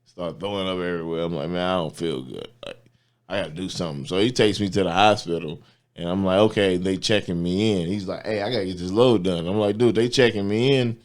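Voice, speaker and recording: Comedian guest, male, lower pitch, swearing freely while acting out his story. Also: quick pace. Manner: profane, animated storytelling, acting out quoted people. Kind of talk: casual storytelling chat.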